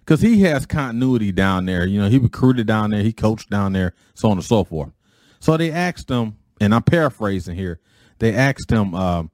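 A man's voice: lowish voice, big pitch swings, moderate pace, a little mellow, no echo. A man hosting his own podcast, talking casually in a rambling way, often repeating himself and paraphrasing others. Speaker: podcast host. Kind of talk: casual opening monologue.

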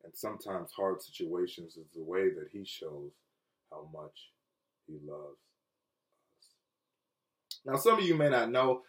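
A man preaching a sermon with earnest feeling, often dropping low and soft and then rising for emphasis. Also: echoey room, far from the mic. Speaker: pastor. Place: Chicago.

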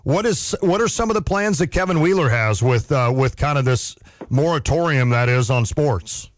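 A man hosting a sports radio show, chatting casually with self-deprecating quick asides into a studio mic. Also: mid-range voice, animated, dry recording.

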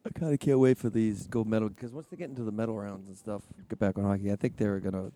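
A man co-hosting a casual podcast, laid-back and halting, often mumbling through his points. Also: on the low side, fairly even intonation, warm tone. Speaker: podcast co-host. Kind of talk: casual chat.

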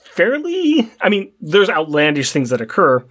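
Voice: mid-range voice, wildly swooping pitch, moderate pace, fairly bright tone. A podcast co-host chatting casually about shows, teasing the other host and steering the talk back on topic. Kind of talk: casual chat.

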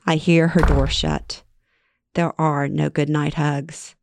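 A woman's voice: low-pitched, little pitch movement, takes it slowly, creaky, noisy background. A woman hosting a podcast, telling her own family stories in a frank, wry way. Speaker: podcast host and storyteller. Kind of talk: first-person storytelling.

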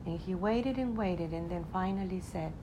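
A woman telling a spiritual story in a reflective, unhurried way, in English that is not her first language. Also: lowish voice, background noise. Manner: unhurried, reflective, non-native English grammar.

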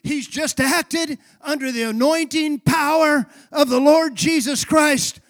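A male pastor preaching a sermon with passion, breaking into shouts as he retells the story dramatically. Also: very high voice, slow pace.

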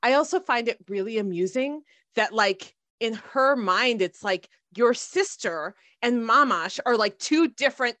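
A woman in casual chat, expressive and quick to laugh, riffing on jokes. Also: on the high side, no echo.

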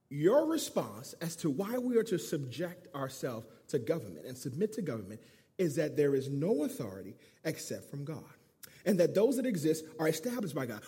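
A man preaching a sermon in a notably husky, raspy voice that sits fairly high for a man. His delivery swings widely in pitch as he fires off rhetorical questions, and the long reverb of a church hall trails behind his words. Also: sing-song, normal speed, darkish tone. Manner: emphatic preaching, rhetorical questions, leads call-and-response. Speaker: pastor. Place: church sanctuary.

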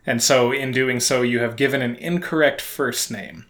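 Podcast co-host, man, dry wit, halting delivery with restarts. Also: medium pitch, a bit bright. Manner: wry, dry sarcasm with many restarts. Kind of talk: casual podcast chat.

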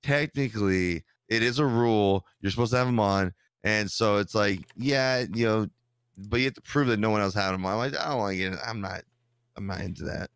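A man telling a story in casual chat, rambling and animated, with many restarts. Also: lowish voice, fairly quick, clear, resonant tone, no room sound. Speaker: podcast co-host telling a story.

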